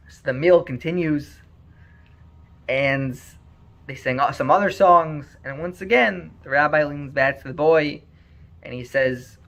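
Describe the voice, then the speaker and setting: A man telling a story aloud in an earnest, animated way, on a muffled lo-fi recording. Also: mid-range voice, unhurried, creaky. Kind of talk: spoken storytelling.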